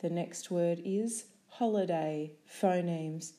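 A woman teaching a spelling lesson, saying each sound and syllable slowly and carefully. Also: fairly low pitch, dark tone.

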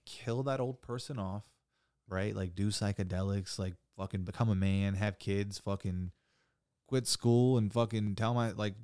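A young man telling a wild story in casual chat, saying "like" a lot and swearing freely, getting animated. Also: fairly low pitch, no room sound, clean studio sound. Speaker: podcast guest.

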